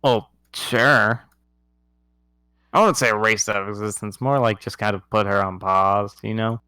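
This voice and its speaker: A laid-back man running a tabletop game, playful and casual. He talks slowly at a middle pitch. His mic sounds close and dry. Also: fairly even intonation, pushed and bright, clear, resonant tone, no room sound. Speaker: game master.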